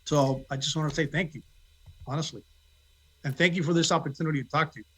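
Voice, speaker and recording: A man's voice: fairly high pitch, steady tone, fast, fairly bright tone, breathy edge, rough recording. A man, an actor guest on a podcast, talking casually and self-deprecatingly with little asides. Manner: self-deprecating, acts out quoted dialogue. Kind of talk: casual interview chat.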